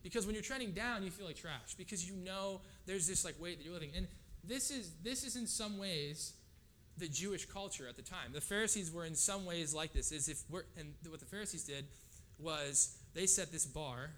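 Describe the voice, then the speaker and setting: A man's voice: high voice, normal speed, fairly bright tone, a little hiss or hum. A man preaching a sermon in a casual, conversational way, often checking in with the audience. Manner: casual, conversational, frequent "right?" asides.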